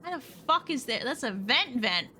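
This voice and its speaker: Lively bright-voiced woman streamer. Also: high-pitched, moderate pace, slight background noise. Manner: expressive, swears and yells at the game. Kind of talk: casual gameplay commentary.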